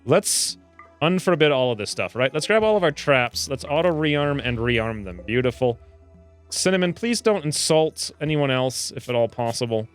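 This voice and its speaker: Upbeat male gaming host, swinging pitch, joking running commentary. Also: normal speed, faint music behind. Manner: animated, jokey, puts on squeaky character voices. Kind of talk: let's play commentary.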